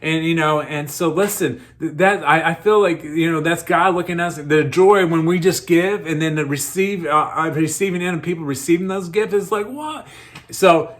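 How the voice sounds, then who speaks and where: A man's voice: on the high side, normal speed, hardly any pauses. Chatty male pastor preaching. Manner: conversational, repeats words when starting sentences. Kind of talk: sermon.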